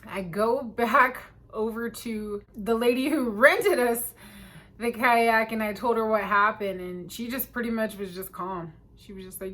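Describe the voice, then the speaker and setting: Animated, fairly high-voiced woman telling a story. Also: moderate pace. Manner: animated, emphatic, swings between loud and hushed. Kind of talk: casual storytime vlog.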